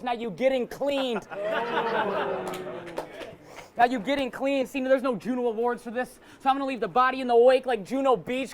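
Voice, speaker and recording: A man with a very high voice delivers a boastful, confrontational battle rap verse. He hits his opponent with wordplay and sports references. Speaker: battle rapper. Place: live rap battle event.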